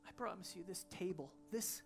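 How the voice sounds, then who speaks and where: A woman pastor delivers a sermon at a church service. She swings from soaring, emphatic proclamation to hushed, intimate prayer. Faint music plays softly behind her voice. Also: fairly low pitch, normal speed, creaky.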